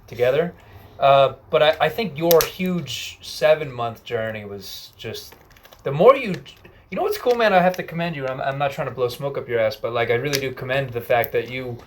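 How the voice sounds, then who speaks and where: A man's voice: medium pitch, animated, normal speed, a little hiss or hum. A young man hosting a casual conversation, talking in an enthusiastic, loose way full of fillers. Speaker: host.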